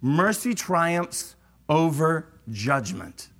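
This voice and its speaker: Male preacher, middle-aged, slow animated sermon delivery with a bright, forceful tone. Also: fairly high pitch. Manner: animated, acts out voices of churchgoers.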